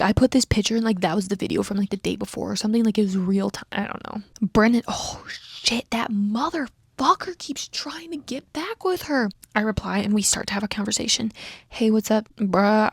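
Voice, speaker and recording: Young woman, gravelly voice, giggly sarcastic reading. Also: medium pitch, a little mellow, dry recording, clean studio sound. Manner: sarcastic, giggly commentary with sudden whispers and squeals. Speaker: booktuber reading her old fanfiction. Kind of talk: casual reaction reading.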